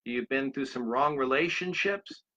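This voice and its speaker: A man's voice: mid-range voice, normal speed, bright, forceful tone. A man in his sixties giving a motivational talk, rambling through anecdotes and speaking straight to his listeners. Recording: dull lo-fi recording.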